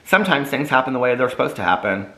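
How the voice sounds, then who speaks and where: A man voicing a calm, kind male therapist who talks gently and reassuringly. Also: medium pitch, fast, echoey room. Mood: gentle.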